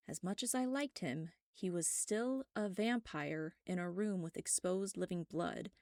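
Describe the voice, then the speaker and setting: A woman reading a first-person web serial aloud, steady and wry. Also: on the low side, moderate pace, creaky, hardly any pauses, dry recording, clean studio sound. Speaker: narrator.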